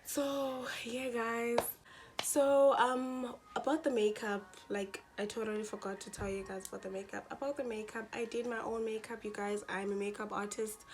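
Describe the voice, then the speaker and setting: A woman's voice: medium pitch, a little hiss or hum. A young woman with a South African Xhosa accent, casually telling a personal story to her channel and acting out other people's lines. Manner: animated, switches into quoted voices and mixes in Xhosa.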